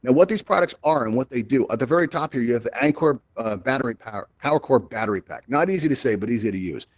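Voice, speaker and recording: An event presenter speaks to a live audience in a virtual reality space through a headset microphone. His mid-range voice moves fast and energetically, with "right?" or "all right?" tossed in after nearly every point. There's no echo.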